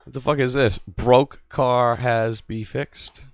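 A man hosting a call-in show, rambling and swearing, swinging from mutters to loud outbursts. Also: mid-range voice, steady tone, slow, no room sound, studio quality. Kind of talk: profane casual call-in show.

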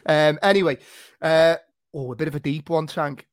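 Laughing, sweary podcast host. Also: male voice, fairly high pitch, normal speed, no echo, clean studio sound. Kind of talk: casual chat.

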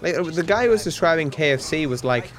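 An Australian man, a streamer, answering viewer questions in a casual, meandering way, with deadpan jokes and frequent restarts. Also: fairly high pitch, fast, faint music behind. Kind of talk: casual rambling Q&A.

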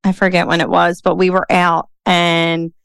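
A woman's voice: lowish voice, completely flat delivery, normal speed, vocal fry, fairly bright tone, clean tone, no room sound. A woman with a Philadelphia accent hosting a casual podcast conversation, chatty and peppered with "like" and "you know.". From Philadelphia, USA. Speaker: podcast host and coach.

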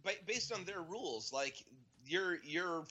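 A man in a casual podcast chat about movies, excitable and rambling with many restarts. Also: sits high, measured pace, lo-fi sound, a crowd in the background. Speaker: podcast co-host. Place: home.

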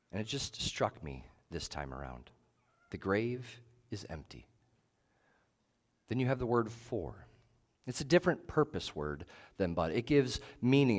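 A male pastor preaching a sermon in a measured, emphatic way, leaning on short repeated phrases. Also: on the low side.

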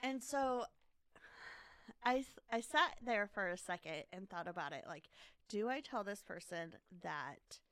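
A woman co-hosting a podcast, telling a story with quoted voices in animated casual chat. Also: medium pitch, measured pace, no echo. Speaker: podcast co-host.

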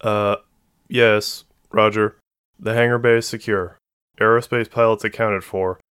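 A brisk, commanding young woman mech pilot with cybernetic legs, as a male audiobook narrator puts her on. The voice sits fairly low, and the recording is close and dry. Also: fairly even intonation, fairly bright tone, smooth, dry recording. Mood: reporting.

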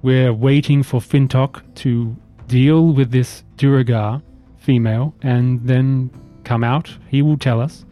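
A man running a tabletop game as game master, describing scenes in measured, detailed narration. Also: medium pitch, fairly even intonation, warm tone, soft background music.

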